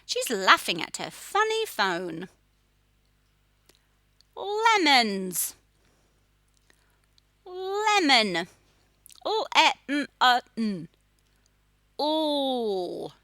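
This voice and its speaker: A woman teaching a children's phonics lesson, sounding out letters in a slow, sing-song way. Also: high voice, huge pitch swings, bright, forceful tone, no room sound. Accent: Australian.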